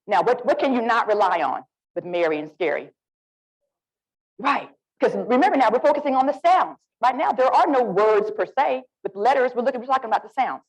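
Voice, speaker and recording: A woman with an Alabama Southern accent, leading a lively, interactive literacy workshop and coaxing the audience to join in. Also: fairly high pitch, a little fast, husky, poor audio. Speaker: literacy presenter.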